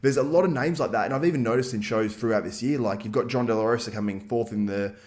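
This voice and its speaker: A man interviewing a guest in a quick, chatty way. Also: mid-range voice, darkish tone. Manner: quick and chatty, with many fillers. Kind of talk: casual interview chat.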